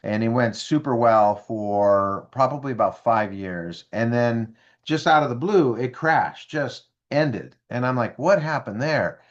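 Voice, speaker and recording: Speaking unhurriedly with hardly any pauses, a man in his fifties tells stories as a business speaker on an interview. His voice is mid-range, the audio lacks high frequencies, and he animatedly imitates the people he quotes.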